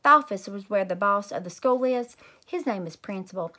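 A woman teacher reading a children's chapter book aloud at bedtime, lively and expressive. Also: medium pitch, moderate pace, few pauses. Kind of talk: bedtime story read-aloud.

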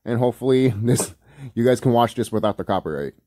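A man's voice: mid-range voice, lively intonation, fast, warm tone, no echo, studio quality. A man giving casual, rambling reaction commentary on a cartoon, full of fillers, swearing and laughter. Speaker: video commentator.

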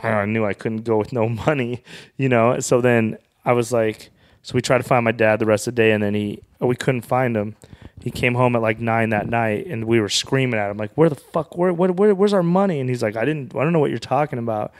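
A man's voice: mid-range voice, steady tone, fairly quick. A man who is a comedian, a guest on a podcast, telling a story in a casual and profane way.

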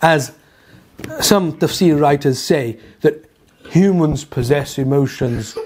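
A Quran teacher with a high-pitched voice gives a religious lecture, narrating a story, posing rhetorical questions to listeners and drifting into asides. He speaks slowly with a darkish tone, often hesitating on fillers and repeating words, against slight background noise.

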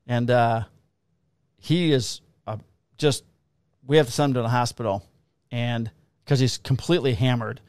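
A man, a police officer co-hosting a podcast, telling work stories in a casual, profane, animated way and acting out the quotes. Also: mid-range voice, moderate pace, pauses often, clear, resonant tone, no echo. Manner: profane, animated storyteller who acts out quotes. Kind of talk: casual chat, storytelling.

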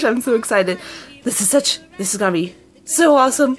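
A woman vlogging to her viewers, giddy and squealing with excitement. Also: fairly high pitch, normal speed, soft background music. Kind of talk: excited casual vlog chat.

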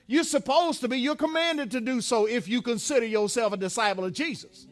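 A man preaching in a church with a strikingly high voice. He drives his points home through repetition and rhetorical questions, then drops low and slow for emphasis. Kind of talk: sermon. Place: church sanctuary.

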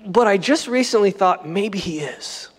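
A man's voice: high voice, expressive, a little slow, slightly rough, in a large hall. A man preaching a sermon as pastor, in a conversational, joking style. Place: church sanctuary.

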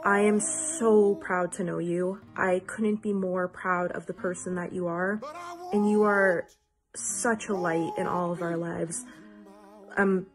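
A woman's voice: fairly low pitch, fairly even intonation, slow, faint music behind. A woman giving an earnest, emotional get-well message to a friend, repeating herself for emphasis.

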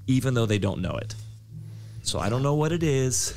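Animated middle-aged male pastor storyteller. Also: mid-range voice, normal speed. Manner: animated storyteller, laughs often, acts out quoted voices. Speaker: pastor, podcast guest. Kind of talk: casual conversational interview.

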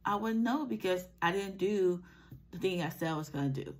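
Gravelly low-voiced woman with a scratchy throat. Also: normal speed. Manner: earnest, encouraging, conversational. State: scratchy throat from a sinus cold. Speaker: life coach. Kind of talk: motivational vlog talk.

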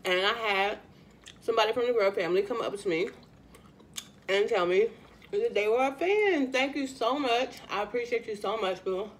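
A woman's voice: on the high side, normal speed. Chatty woman hosting an eating show. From Louisiana, US. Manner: chatty, addresses viewers as y'all, eats between lines. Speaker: mukbang host. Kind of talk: casual eating-show chat.

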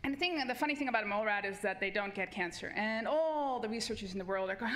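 A woman's voice: medium pitch, expressive, fast, few pauses, a bit bright. A woman researcher giving a comic debate speech on a festival stage, full of hesitant restarts and wry humor.

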